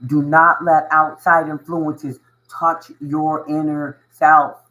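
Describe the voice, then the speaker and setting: A man's voice: fairly high pitch, little pitch movement, takes it slowly, bright, forceful tone, low-quality recording. A man giving a casual motivational monologue to his viewers as a spiritual channel host. He is earnest and emotional, repeats himself for emphasis and often chuckles. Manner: emphatic and repetitive, with frequent chuckles and "you know what I mean".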